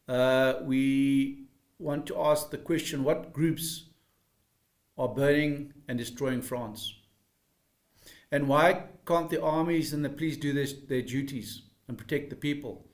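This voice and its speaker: An older man from South Africa, giving a preachy talk full of rhetorical questions. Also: mid-range voice. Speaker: commentator. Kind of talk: speaking to camera.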